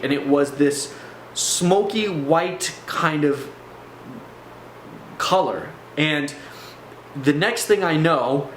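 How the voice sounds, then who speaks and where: A man vlogging a personal testimony, telling it in an animated way with many fillers. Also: on the high side. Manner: animated, filler-heavy storytelling. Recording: echoey room, faint background noise.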